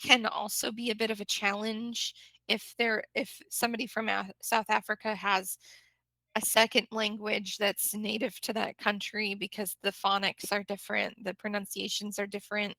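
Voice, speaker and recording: A woman's voice: mid-range voice, level tone, normal speed, gravelly, pushed and bright, no room sound, poor audio. An American woman, an English teacher, chatting animatedly in a casual conversation and laughing often.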